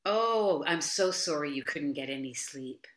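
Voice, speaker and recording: A woman putting on the voice of a dramatic, teasing male dance guru, high and sarcastic. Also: animated, slow pace, pushed and bright, echoey room, full character voice. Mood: mock concern. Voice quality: sarcastic, theatrical.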